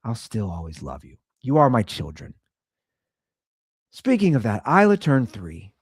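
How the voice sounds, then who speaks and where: A man's voice: mid-range voice, huge pitch swings, a little slow, breathy edge, dry recording, studio quality. A young man hosting a casual solo podcast, rambling about family life. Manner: rambling, chatty, swings between sing-song and mumbling. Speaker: podcast host.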